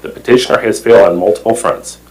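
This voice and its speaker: A man's voice: lowish voice, fast, husky, rough recording. A man on a town plan commission reading a prepared statement at a public meeting, formal and emphatic, stumbling over words now and then.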